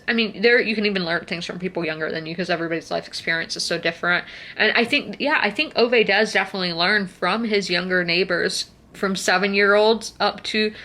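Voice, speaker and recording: A young woman chats on her vlog in a loose, rambling way, with plenty of fillers. Her voice sits at a middle pitch and she sounds a little out of breath. A faint noise hums behind her. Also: bright, forceful tone. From South Carolina. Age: 20s. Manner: chatty and rambling, full of fillers. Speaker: book vlogger. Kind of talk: casual chat.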